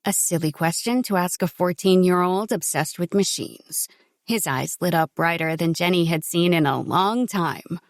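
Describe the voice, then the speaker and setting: A woman reading a novel aloud as an audiobook narrator, in steady, measured scripted narration. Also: lowish voice, no echo, studio quality.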